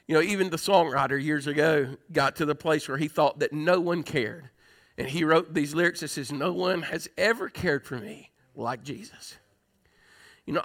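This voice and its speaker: A man preaching a sermon, swinging between emphatic, forceful peaks and hushed, tender passages. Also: on the high side. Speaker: pastor.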